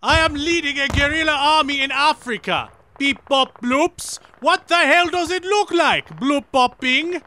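A man's voice: very high-pitched, measured pace, few pauses, bright, forceful tone, a little hiss or hum, exaggerated voice. An actor playing a pompous male dictator who talks like a robot, adding beeps and whirs. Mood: robotic. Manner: stiff robotic delivery with beeps. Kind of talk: comedy radio play.

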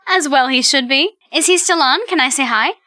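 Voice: sits high, normal speed, bright, forceful tone, no room sound, clean studio sound. A woman voicing a laid-back, wisecracking crime-fighter in an amateur audio drama, talking breezily. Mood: breezy. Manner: breezy, joking.

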